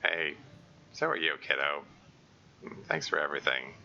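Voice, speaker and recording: A stubborn, prickly teenage girl who answers gruffly and defensively, as a man reads her part. Her lines sit lower than the reader's usual voice. The tone stays bright, and the home mic is a bit dull and lo-fi. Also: very animated, normal speed, a little hiss or hum, exaggerated voice.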